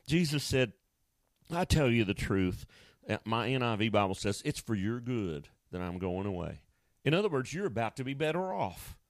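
A man's voice: medium pitch, dry recording. A male pastor preaching a sermon in a folksy, conversational way, often restarting his sentences.

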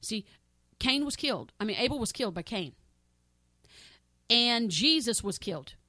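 A woman preaching a sermon with fervent, repetitive emphasis, swinging between loud exclamations and soft pleading prayer. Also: a little high, animated, moderate pace, no room sound, clean studio sound. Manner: fervent, repetitive, addresses listeners as saints.

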